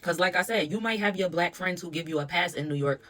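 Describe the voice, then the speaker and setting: Deep-voiced woman ranting about a reality show, blunt, cusses a lot. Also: fast talker, a bit bright. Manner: opinionated, blunt, swears freely. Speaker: reality TV reviewer. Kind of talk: casual commentary.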